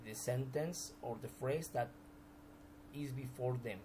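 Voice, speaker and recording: A man's voice: mid-range voice, a little slow, noisy background. A man teaching a recorded grammar lesson, explaining examples step by step with frequent restarts.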